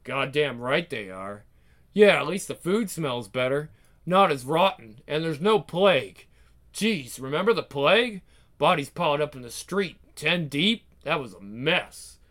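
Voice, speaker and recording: A man's voice: on the high side, lively intonation, measured pace, a bit bright. A man playing a sneering, gloating demon. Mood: contemptuous. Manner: scornful, gloating. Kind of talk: one-man script reading.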